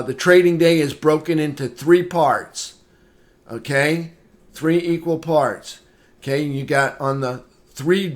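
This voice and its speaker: A man, a trading instructor, giving a live market analysis lesson, repeating points and checking in with "okay?" often. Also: fairly high pitch. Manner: greets viewers by name mid-lesson.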